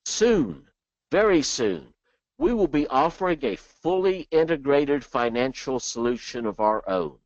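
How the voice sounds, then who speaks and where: A man presenting a software training webinar in a chatty way, dropping joking asides between explanations. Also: mid-range voice, normal speed, few pauses, no room sound. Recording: dull dry lo-fi sound.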